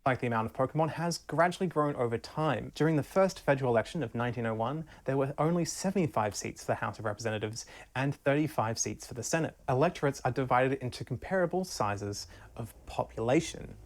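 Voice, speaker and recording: A speaker narrating a scripted civics explainer with playful jokey asides. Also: female voice, extremely low pitch, lively intonation, fast talker, few pauses.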